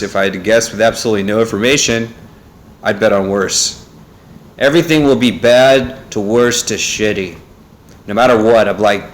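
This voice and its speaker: A young man records himself on a phone in a neck holder inside his family home, rambling casually as a vlogger. He speaks at a fairly low pitch and normal speed, with long pauses, and drifts along with plenty of fillers and asides.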